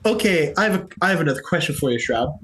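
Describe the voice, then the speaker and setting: A man's voice: on the high side, expressive, fast, fairly bright tone, slight background noise. A man running a tabletop game as game master, narrating with loose, rambling phrasing and frequent restarts and laughter.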